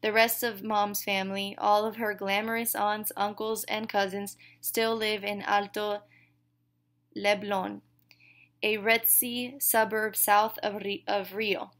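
A woman's voice: medium pitch, little pitch movement, slow, fairly bright tone. A woman reading a novel aloud in first person, marking the characters' lines with small shifts rather than full voices. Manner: reads dialogue with small shifts for each character, no big voices. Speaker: audiobook reader. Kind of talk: scripted first-person narration.

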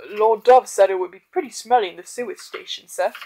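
A woman's voice: medium pitch, a little fast, mellow, lightly acted, rough recording. A woman doing a glum deferential old butler. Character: mild glum older male butler, an old soldier.

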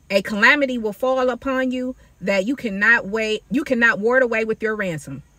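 A woman talks to her phone camera outdoors and preaches in an animated way. Her voice is bright and a little high, with a dry close sound. She calls her viewers baby and y'all. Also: dry recording. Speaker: faith video creator. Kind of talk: casual Bible-study talk to camera. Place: outdoors in sunlight.

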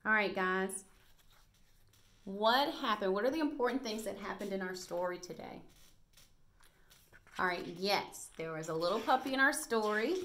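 A woman teaching a first grade reading lesson on video, speaking in a bright, encouraging classroom voice with plenty of praise. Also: mid-range voice. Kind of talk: recorded video lesson for young children.

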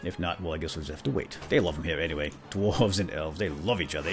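With an extremely low pitch and a quick pace, a man narrates in character as a role-play gamer. He plays a self-important, bumbling knight who playfully chatters at his animal companions, while faint music plays in the background.

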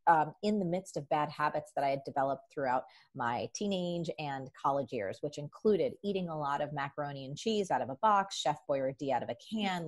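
A woman guest in a casual conversation, talking animatedly and acting out her past thoughts in voices. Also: low voice.

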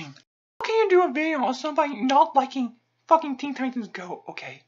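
Woman, high-pitched, wildly up and down, furious stammering rant, muffled lo-fi sound. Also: big pitch swings, a little fast, a little mellow. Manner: angry, stammering, keeps repeating "okay?". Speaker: channel host. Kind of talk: profane comedic rant. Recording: dull lo-fi recording.

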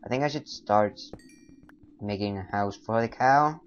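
Excitable young man gaming commentary. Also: fairly low pitch, unhurried, long pauses, poor audio. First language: not English. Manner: rambling, excitable, bursts of loud silly exclamations. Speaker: gamer. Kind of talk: casual let's play commentary.

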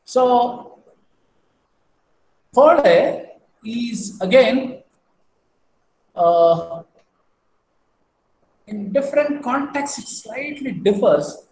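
A man's voice: extremely high pitch, animated, very slow, long pauses, a little mellow. A man giving a language lesson, patiently repeating each word and spelling it out. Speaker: language teacher. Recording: roomy echo, faint background hum.

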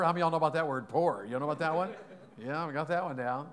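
A man's voice: on the high side, fast. A man preaching a sermon in a church, folksy and joking, often asking the congregation questions. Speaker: pastor. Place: church sanctuary.

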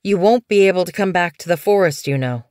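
A woman voicing a dutiful male cat warrior who speaks gravely and earnestly in a lowered voice. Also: animated, a little fast, darkish tone, dry recording, clean studio sound, close to an everyday voice.

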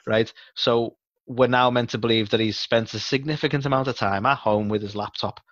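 A man's voice: mid-range voice, steady tone, fairly quick, fairly bright tone, no room sound. A man co-hosting a casual wrestling podcast, rambling and swearing as he reasons out his points. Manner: sweary, thoughtful, rambling with fillers. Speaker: podcast co-host. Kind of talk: casual wrestling review chat. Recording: dry, dull lo-fi mic.

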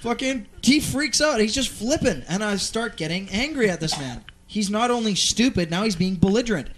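A man's voice: sits high, animated, moderate pace, slight background noise. Rambling, profane male storyteller. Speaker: host. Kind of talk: casual chat, storytelling.

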